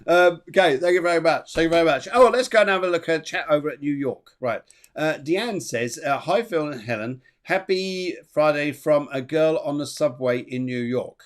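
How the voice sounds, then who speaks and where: A man's voice: on the high side, expressive, moderate pace. A man hosting a live psychic reading show, chatty, repeating his words and laughing often. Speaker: medium and show host.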